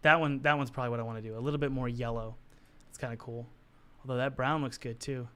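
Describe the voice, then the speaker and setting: A man with a hoarse, worn voice, teaching art on a casual live stream, chatty and encouraging as he answers the chat while he works. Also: medium pitch, fairly even intonation, racing, sharp tone. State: hoarse, losing his voice.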